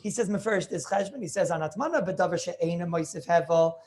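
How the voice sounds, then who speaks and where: A man's voice: sits high, fast, darkish tone. A man teaching a class as a rabbi, lecturing on religious law, emphatic and thinking aloud as he questions his students over a video call.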